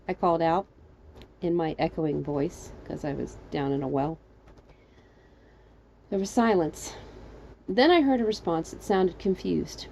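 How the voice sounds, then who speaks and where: A woman narrating her own comedic fan fiction story in a wry, animated way. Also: normal speed, long pauses, lo-fi sound. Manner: wry, animated, jumping high for quoted lines.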